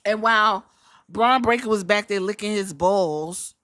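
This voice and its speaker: A woman's voice: mid-range voice, measured pace. A woman hosting a podcast, telling a wrestling recap in a casual, joking and profane way and acting out what people said. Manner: animated storytelling, acting out quotes, profane and joking. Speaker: podcast host.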